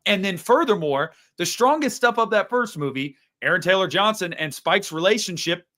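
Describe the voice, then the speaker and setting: A young man with a notably high voice rants through a casual film review, swearing and exasperated. He talks as a co-host riffing with friends. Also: lively intonation, normal speed, pushed and bright. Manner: ranting, profane, exasperated. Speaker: podcast co-host.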